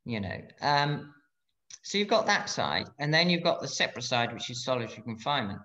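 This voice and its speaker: A middle-aged man speaking as an interview guest, blunt and frank, often halting and restarting his sentences. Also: medium pitch, big pitch swings, pushed and bright. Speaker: guest, former fighter pilot. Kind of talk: candid interview conversation. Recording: dull lo-fi sound.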